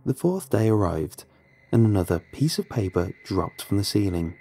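Husky, low-voiced man narrating horror. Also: very animated, moderate pace. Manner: hushed and dramatic. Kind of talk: first-person horror story narration.

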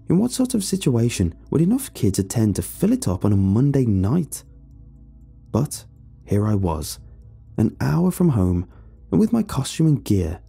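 A man reads a scripted first-person horror story in a measured, storytelling delivery. His voice is low, dark and gravelly, yet his pitch moves a lot across phrases. Faint music plays underneath. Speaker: narrator.

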